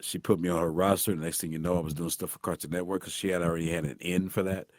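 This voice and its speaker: A middle-aged man from St. Louis with a deep voice, telling animated stories as a guest voice actor in a casual interview. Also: fast talker, dry recording, studio quality. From St. Louis, USA. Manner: animated, acts out voices in anecdotes.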